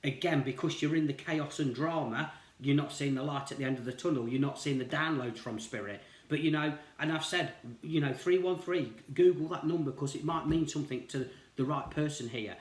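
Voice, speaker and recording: A man's voice: on the high side, brisk. Rambling, reassuring male tarot reader. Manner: rambling, reassuring, peppered with "you know". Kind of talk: casual spiritual tarot reading. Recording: roomy echo.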